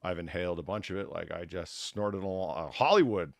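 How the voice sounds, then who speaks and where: A man co-hosting a casual chat, stuffed up with a blocked nose and talking in a profane, sarcastic, animated way. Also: low voice, fairly quick, creaky, no room sound. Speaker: podcast co-host.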